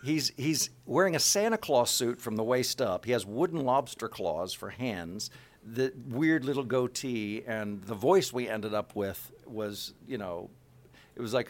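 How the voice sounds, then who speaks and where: A middle-aged male voice actor chatting in an interview, animated and full of fillers. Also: medium pitch, unhurried. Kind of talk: casual interview chat.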